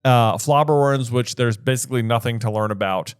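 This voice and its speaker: A man's voice: medium pitch, a little fast, clean tone, no echo, studio quality. A man co-hosting a podcast in casual chat, riffing playfully and using many fillers. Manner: playful, riffs on jokes, speaks with many fillers. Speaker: podcast co-host.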